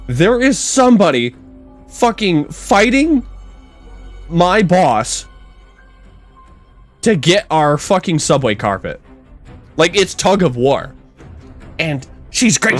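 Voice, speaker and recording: A young man co-hosting a podcast, telling stories in a casual, animated way, swearing and acting out the people he quotes. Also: on the high side, slow, pauses often, faint music behind. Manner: animated, swearing storyteller who acts out quotes loudly. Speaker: podcast co-host. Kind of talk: casual storytelling chat.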